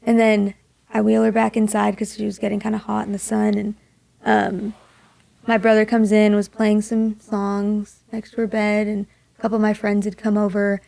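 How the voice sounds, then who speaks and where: A young woman from Maui, a singer-songwriter, telling a personal story in an interview, soft-spoken and dropping to a hush for quoted thoughts. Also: medium pitch, monotone, normal speed, creaky, no room sound. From Maui, Hawaii.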